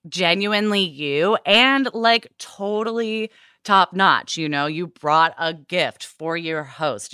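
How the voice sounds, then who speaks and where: A woman's voice: on the low side, pushed and bright, clear, resonant tone, no room sound, studio quality. A woman co-hosting a podcast, chatting in a playful, teasing way. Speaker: podcast co-host. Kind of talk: casual chat.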